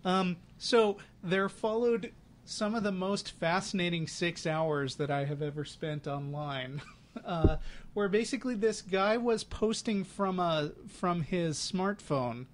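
A man's voice: high-pitched, slow, slight background noise. A man co-hosting a podcast, telling a story in casual chat with amused, sarcastic asides. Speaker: podcast co-host.

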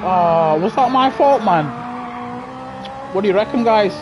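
A young British man chatting excitably to his live chat while playing a racing game on a headset mic. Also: high voice, unhurried, lo-fi sound, background noise. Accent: British English. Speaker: gaming livestreamer. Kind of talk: casual live gameplay commentary. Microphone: gaming headset.

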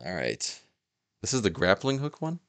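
Excitable young man with a low voice. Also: moderate pace, noisy background. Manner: excitable, yelps and laughs at the game. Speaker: gaming YouTuber. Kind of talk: casual gameplay commentary.

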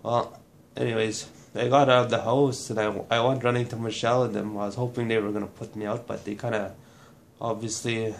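Guy from manitoba, kinda low voice, talks in stops and restarts, swears plain. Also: flat delivery, gravelly, slight background noise. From Manitoba, Canada. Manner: halting, restarting, blunt with swearing. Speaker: burn survivor telling his story. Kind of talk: personal testimony to camera.

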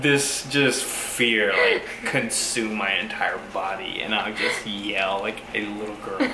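A young man animatedly telling a funny story with his wife, laughing and acting out the yelling. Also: fairly low pitch, slow pace. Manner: animated, laughing, acts out yells. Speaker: vlogger, husband. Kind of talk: casual storytelling. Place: home kitchen. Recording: echoey room with background noise.

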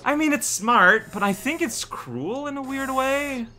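A man's voice: very high voice, lively intonation, a little slow, bright, forceful tone, slight background noise. A man with a Quebec French accent giving rambling, joking gameplay commentary, sometimes singing snatches of songs. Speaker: let's play host. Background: game music.

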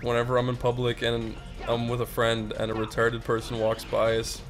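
A man's voice: medium pitch, moderate pace, music in the background. A man telling a story in a casual chat, acting out what each person said. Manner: animated, acts out quoted lines. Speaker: podcast regular.

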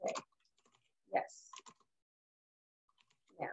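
A woman trainer hosting a casual live tutorial, chatting excitedly and laughing at herself as she works. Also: extremely slow, background noise. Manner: excitable, giggly, self-amused chatter.

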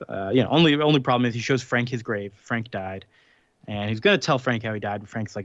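A man co-hosting a podcast, recapping a comic plot in casual chat, rambling with fillers and quick laughs. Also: on the low side, no room sound, muffled recording.

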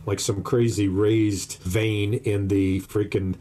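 A man's voice: on the low side, level tone, slow, dark tone. Profane, ranting male podcast host. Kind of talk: casual comedic chat.

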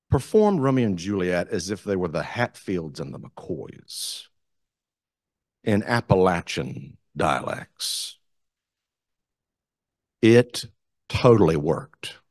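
A man with a Southern US accent, a community theater director telling animated stories as a guest speaker at a club meeting. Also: lowish voice, dry recording, clean studio sound. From South Carolina, US. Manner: animated, enthusiastic storyteller. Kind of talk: storytelling talk to a club.

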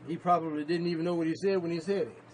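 A male pastor preaching a sermon, emphatic, repeating himself and rising to sudden loud peaks. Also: on the high side, steady tone, fast talker, slight background noise, poor audio.

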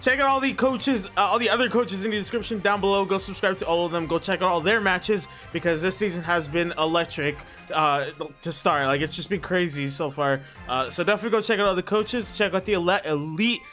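A young man hosting his own channel, commentating a competitive battle game in a casual, excitable and nervous way, laughing often and tripping over words. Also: sits high. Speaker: Pokemon battle league competitor and channel host. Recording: faint background music.

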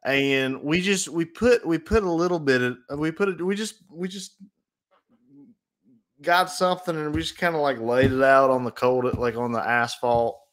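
A man's voice: fairly high pitch, normal speed. Young man stumbling through casual chat. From North Carolina. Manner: stumbling restarts, blunt crude humor. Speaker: podcast co-host.

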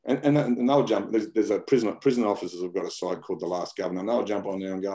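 An Australian guest in a casual interview speaks fast with hardly any pauses, his voice on the low side and dark. Blunt and rambling, he repeats himself often and talks in slang.

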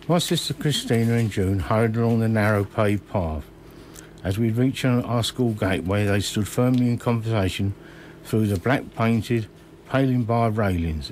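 A man in his sixties from Kent, reading his own memoir slowly and measuredly in a radio studio. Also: lowish voice, a little mellow, slight background noise.

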